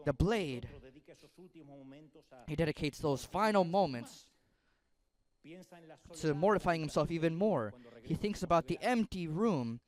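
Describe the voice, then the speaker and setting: A man, a pastor, retelling a Bible story in a dramatic, emotive sermon. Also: a little high.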